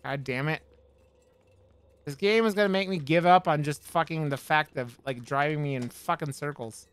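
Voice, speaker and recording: A man's voice: fairly high pitch, a bit bright, clean tone, dry recording. A man streaming a horror game, joking with his chat and swearing as he plays. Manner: profane, joking, talks back to chat. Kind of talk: casual let's-play commentary.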